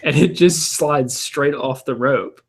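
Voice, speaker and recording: A man co-hosting a maker podcast, telling animated stories in casual chat and laughing often. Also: medium pitch, takes it slowly, vocal fry. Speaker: podcast co-host.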